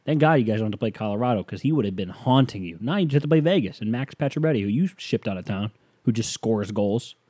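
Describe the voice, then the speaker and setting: A man riffing loosely on his own podcast, joking and jumping up in pitch when he gets excited. His voice is mellow and dark. It sounds dry and close, as if recorded in a small room. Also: quick pace, slightly rough, no echo. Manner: loose, joking, animated with sudden pitch jumps. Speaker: podcast host. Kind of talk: casual solo podcast chat.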